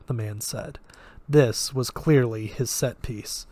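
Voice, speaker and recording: A man's voice: medium pitch, takes it slowly, warm tone, no room sound. A man reading a novel aloud in a plain way, with occasional slips that he corrects. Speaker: audiobook reader.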